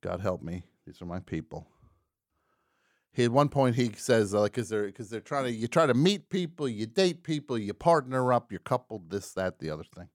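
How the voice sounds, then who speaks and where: A man's voice: mid-range voice, expressive, moderate pace, dry recording, clean studio sound. A man hosting a call-in talk show, chatting casually with rambling, jokey asides.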